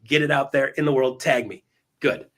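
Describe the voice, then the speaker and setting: A man coaching real estate agents in an enthusiastic, emphatic motivational talk, swinging his pitch up and down. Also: normal speed, a bit bright.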